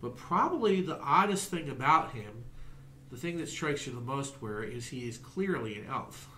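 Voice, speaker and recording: A man narrating a tabletop game as game master, in slow, halting narration. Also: medium pitch, lively intonation, bright, forceful tone, slight background noise. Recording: roomy echo.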